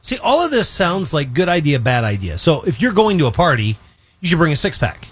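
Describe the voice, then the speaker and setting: A man co-hosting a casual radio show, his voice sitting a little high. He rambles and circles back with plenty of fillers. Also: huge pitch swings, a little fast, breathy edge, no echo.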